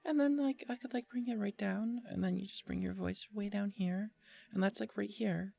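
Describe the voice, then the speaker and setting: Man putting on a high breathy anime girl. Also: fairly even intonation, normal speed, mellow, dry recording, soft background music, full character voice. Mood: sweet. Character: cute high-voiced anime girl, sweet.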